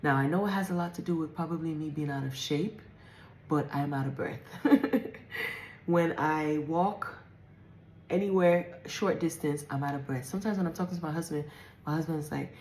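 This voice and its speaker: A woman in her forties talks through her pregnancy symptoms in a candid, rambling way, full of fillers and restarts. Her voice sits low, and she sometimes sounds slightly out of breath. The room around her is echoey. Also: moderate pace, a little mellow, a little hiss or hum. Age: 40s. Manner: chatty and candid, with many fillers and self-corrections. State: often out of breath. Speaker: vlogger. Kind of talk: casual pregnancy update vlog.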